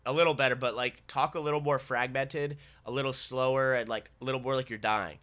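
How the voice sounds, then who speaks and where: A man's voice: mid-range voice, fairly even intonation, fairly quick, sharp tone. A young man hosting a casual sports podcast, upbeat and teasing his co-host.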